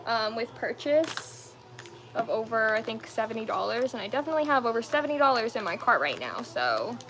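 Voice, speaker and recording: A woman's voice: on the high side, sing-song, a little fast, fairly bright tone, faint music behind. A young woman at home chatting casually with viewers while doing her makeup, rambling with lots of fillers. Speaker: lifestyle livestream host.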